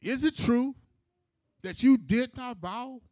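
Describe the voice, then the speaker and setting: Proud taunting king, male, high-voiced, a preacher playing the part inside a sermon, dry sound. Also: slow, darkish tone, no room sound. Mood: mock-generous. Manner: mock-generous, taunting.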